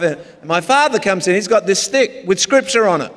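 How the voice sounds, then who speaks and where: A man's voice: high voice, expressive, normal speed, few pauses, fairly bright tone. A man with an Australian accent, a pastor preaching a humorous, story-filled sermon in a large church. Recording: long hall reverb.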